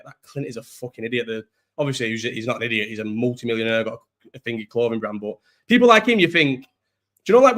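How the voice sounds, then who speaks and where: A man's voice: medium pitch, a bit bright. A young man with a Scouse accent hosting a casual live-stream chat, rambling, swearing freely and restarting his sentences.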